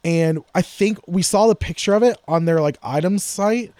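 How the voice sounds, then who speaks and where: A man's voice: sits high, normal speed, dark tone, no echo. A man co-hosting a casual podcast about guitar gear, rambling and joking, his sentences often trailing off into mutters. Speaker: podcast co-host.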